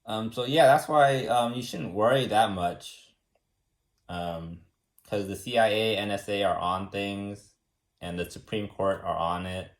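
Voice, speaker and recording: A man from the United States explaining government in a casual, rambling way, repeating words and filling pauses with "like" and "um". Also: fairly low pitch. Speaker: explainer teaching about government.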